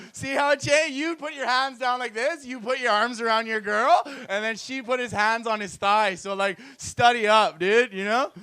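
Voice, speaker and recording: A man's voice: sits high, sharp tone, clear, resonant tone. A young man from Alberta doing loose, slangy stand-up crowd work as host of a comedy night. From Edmonton, Alberta, Canada. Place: comedy club stage with audience.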